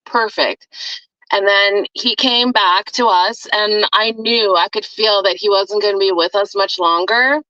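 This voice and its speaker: A woman's voice: mid-range voice, unhurried, pushed and bright, no room sound, dull audio. A woman, a guest on a chat show, telling a story casually and animatedly and often laughing.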